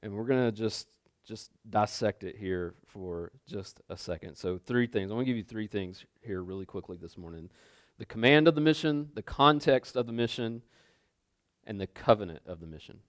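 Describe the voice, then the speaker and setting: A man's voice: lowish voice, lively intonation, normal speed, no echo, studio quality. A man preaching a sermon in a loose, conversational way, repeating phrases and checking in with his listeners. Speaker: pastor.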